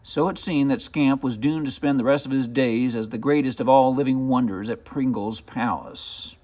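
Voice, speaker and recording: A man reading a children's picture book aloud as narrator, with expressive, dramatic storytelling. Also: medium pitch, moderate pace.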